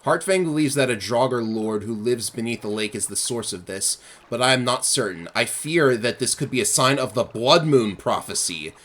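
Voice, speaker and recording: A man's voice: medium pitch, expressive, moderate pace, few pauses, fairly bright tone. A man reading aloud the lines of a solemn tribal elder who gives a quest in a game. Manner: reads game dialogue aloud.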